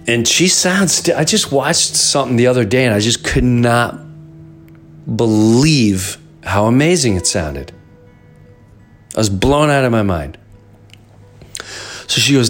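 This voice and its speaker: A middle-aged man hosting a podcast, telling a story in an animated, rambling way and often repeating himself. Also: medium pitch. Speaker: podcast host. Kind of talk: casual storytelling monologue.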